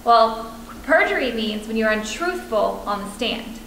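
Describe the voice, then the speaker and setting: A woman's voice: on the high side, expressive, unhurried, a bit bright. A woman law student practicing a cross-examination, asking firm, pointed questions. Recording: echoey room with background noise.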